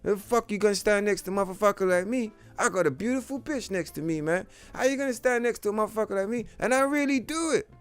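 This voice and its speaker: A man's voice: sits high, animated, fast, few pauses, smooth, faint music behind, voice pushed up. A man putting on the voice of a boastful, dismissive male rapper with a taunting drawl.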